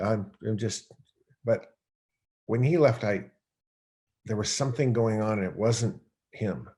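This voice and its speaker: A middle-aged man, a podcast guest, telling a personal story in a rambling, animated way with many restarts. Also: lowish voice. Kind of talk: storytelling in conversation.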